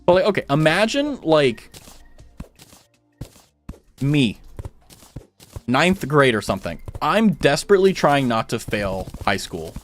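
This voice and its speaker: Animated, chatty young male streamer. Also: a little high, unhurried, long pauses, faint music behind. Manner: rambling, self-mocking jokes, chatty with viewers. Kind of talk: casual chat while gaming.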